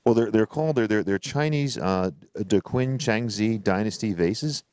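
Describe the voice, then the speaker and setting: A man's voice: lowish voice, moderate pace, darkish tone, clean tone, no room sound. A man from Connecticut hosting a collectibles appraisal show, chatting casually with fillers and restarts.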